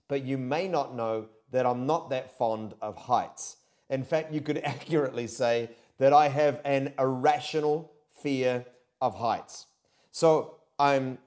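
A young man preaching a sermon, telling stories loudly and with energy. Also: medium pitch. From New Zealand. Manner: loud, animated storytelling with sudden shouts. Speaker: pastor.

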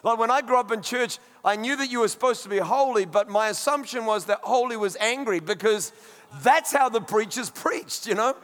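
A pastor preaching a sermon in a conversational, emphatic way, with friendly asides. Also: male voice, very high-pitched, normal speed, fairly bright tone, long reverb tail.

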